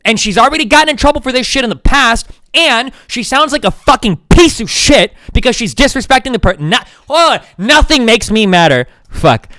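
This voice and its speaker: A man's voice: extremely high pitch, lively intonation, fairly quick, hardly any pauses, bright, forceful tone, no echo, studio quality. A man streaming live, ranting at length in a profane, indignant and sarcastic way. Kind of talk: heated livestream rant.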